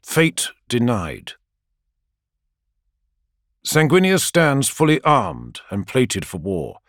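A man's voice: medium pitch, slow, no room sound. A man reading a dramatic story as audiobook narration, close to the mic. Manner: dramatic, expressive reading with lively swings.

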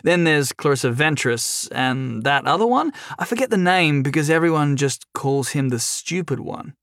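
A man's voice: fairly high pitch, no room sound, studio quality. A man doing a wisecracking captive hero. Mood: mocking. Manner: sarcastic, quick, lively. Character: chained young man, wisecracking and nervously flippant.

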